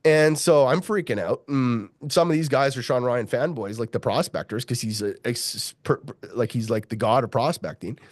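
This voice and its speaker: He's a middle-aged man with a profane, animated storytelling style who keeps slipping into the voices of the people he quotes. His voice sits at an ordinary pitch, and the recording is dry and close, with no room sound behind it. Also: moderate pace, hardly any pauses, no echo. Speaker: mining geologist guest. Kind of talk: storytelling interview.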